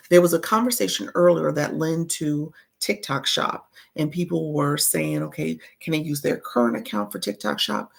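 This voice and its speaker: Very gravelly low-voiced woman coach. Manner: chatty, greets viewers as friend. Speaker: livestream coach for creators. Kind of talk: casual livestream chat, reading viewer comments.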